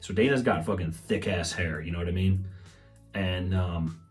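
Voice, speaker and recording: Low-voiced man joking through a podcast rant. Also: moderate pace, soft background music. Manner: swears a lot, acts out quotes in raised mocking voices. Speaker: comedian podcast host. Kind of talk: rambling comedic monologue.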